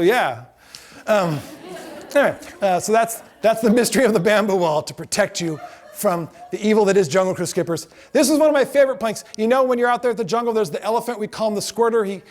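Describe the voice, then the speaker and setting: A man with a notably high voice lectures to a class, spinning comic anecdotes. He laughs at his own punchlines and wanders into asides, stopping to correct himself mid-sentence. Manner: joking storyteller, laughs at his own stories; self-correcting, rambling asides. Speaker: lecturer and former ride skipper.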